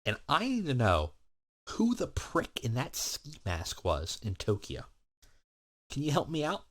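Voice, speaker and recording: A man's voice: mid-range voice, wildly swooping pitch, a little slow, fairly bright tone, pitched above the performer's own voice, exaggerated voice. A man voicing an unhinged, paranoid male wrestling boss who gives commands in urgent, clipped speech. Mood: agitated.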